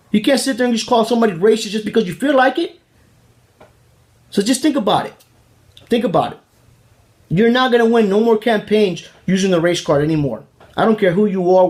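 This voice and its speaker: High-voiced man ranting heatedly. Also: a little mellow. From Miami, Florida. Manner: heated, profane, repetitive. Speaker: political commentary host. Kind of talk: casual political rant.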